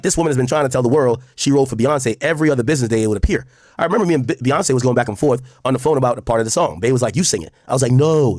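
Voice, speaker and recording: A man's voice: medium pitch, darkish tone, dry recording, clean studio sound. A man streaming casual commentary to his chat, reading posts aloud and reacting bluntly, with frequent profanity.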